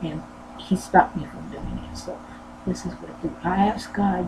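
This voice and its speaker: A low-pitched woman talks earnestly and rambles, looping back over the same phrases. There is steady, clearly audible noise behind her voice. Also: normal speed. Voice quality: low voice that does not go higher. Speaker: sewing channel host. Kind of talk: casual personal talk. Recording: noisy background.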